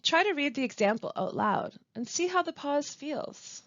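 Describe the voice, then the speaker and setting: A woman teaching pronunciation in a scripted webinar, speaking slowly and carefully with deliberate pauses. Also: high voice, expressive, a bit bright, no echo. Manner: slow, careful, deliberate delivery with clear pauses. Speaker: language support specialist. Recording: dry, dull lo-fi voice-over.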